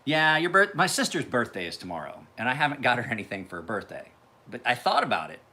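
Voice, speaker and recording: A man's voice: mid-range voice, very animated, quick pace, pushed and bright. A man hosting a casual live stream, rambling, laughing often and swearing freely.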